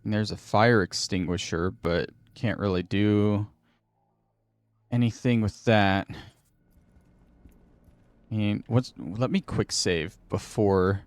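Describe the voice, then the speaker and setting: A male gaming host talks through his play in a relaxed commentary, half to the audience and half to himself. His voice sits on the low side and his pace is slow and easy, with quiet asides as he plans each move. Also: dry recording. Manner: muttering to himself, thinking aloud. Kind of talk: casual gameplay commentary.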